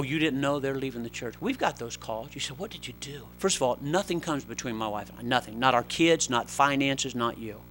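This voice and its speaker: A middle-aged man preaching a sermon, swinging between loud, urgent exhortation and quieter, conversational asides. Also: mid-range voice, a little hiss or hum.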